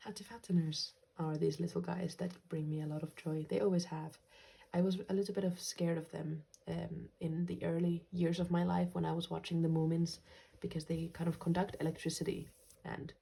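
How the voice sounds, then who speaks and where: Woman, from Finland, journaling vlog host: soft, gentle delivery with whispered asides, low pitch, gravelly texture. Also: level tone, normal speed. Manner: soft-spoken, gentle, slips into quiet whispers. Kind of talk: casual vlog talk.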